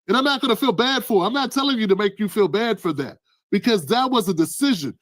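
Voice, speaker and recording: High-voiced fired-up male commentator. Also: expressive, fast talker, dry recording, clean studio sound. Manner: emphatic, preachy, rising to shouts. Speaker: news commentary host. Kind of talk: heated political commentary.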